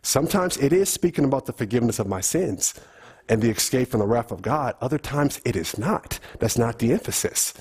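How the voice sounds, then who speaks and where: A man's voice: mid-range voice, darkish tone, husky. A middle-aged man preaching a teaching sermon in a church, asking the congregation questions as he goes. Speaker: pastor.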